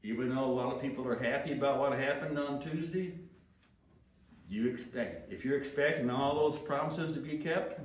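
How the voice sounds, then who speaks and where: Pastor preaching in an echoey hall. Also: male voice, medium pitch. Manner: conversational, acts out quick voices and asks the room questions. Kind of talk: sermon. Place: church sanctuary. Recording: very echoey church hall, mic at a distance.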